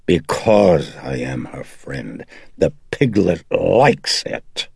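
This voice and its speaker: A man voicing a mocking demon possessing a young girl, with a raspy, taunting delivery. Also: sits low, very animated, takes it slowly, a little mellow, no echo, studio quality, heavily acted.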